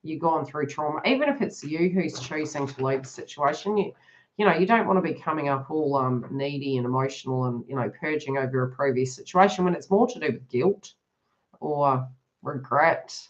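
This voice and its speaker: A woman's voice: deep voice, normal speed. Chatty woman giving a live reading. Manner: chatty, laughs often, addresses viewers by name. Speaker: tarot reader hosting a live stream. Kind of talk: live stream reading to chat. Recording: dull lo-fi live stream audio.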